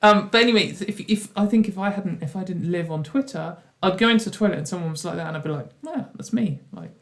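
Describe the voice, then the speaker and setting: A woman's voice: fairly low pitch, fast. A woman hosting a casual livestream chat over a video call, rambling with many restarts and slipping into ironic quoted voices. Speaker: host.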